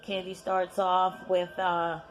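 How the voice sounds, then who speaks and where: A woman gossips her way through a reality TV recap in loose, slangy casual talk. She gets animated and acts out the cast's lines as she goes. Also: on the low side, takes it slowly, a little hiss or hum. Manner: chatty, animated retelling with quoted voices; lively, slangy storytelling. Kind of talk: casual chat.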